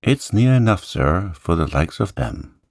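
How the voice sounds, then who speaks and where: Stubborn village manservant, rough country talk, gravelly, storybook, man doing voice. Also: deep voice, very animated, measured pace, a little mellow, no room sound, studio quality, heavily acted. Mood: grumbling. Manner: rough country speech, dropped aitches. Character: gruff stubborn male servant, working class.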